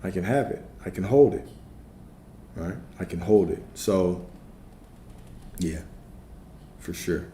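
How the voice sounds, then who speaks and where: A man's voice: deep voice, takes it slowly, long pauses, warm tone. A man teaching on a livestream and answering his chat in a laid-back way, often repeating himself and checking in with "right?". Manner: repetitive, checks in with frequent "right?". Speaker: spiritual coach and streamer. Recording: roomy sound with faint background noise.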